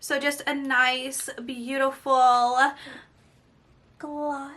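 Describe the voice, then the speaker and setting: Woman beauty vlogger, high bright voice, gushing and excitable, casual unboxing talk. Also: drawn-out words. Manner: gushing, excitable, often breaks into soft exclamations.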